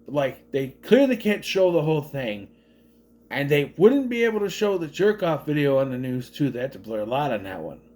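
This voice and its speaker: A man's voice: on the high side, sing-song, normal speed, darkish tone. A man from southern Minnesota giving a casual, rambling movie review with joking asides.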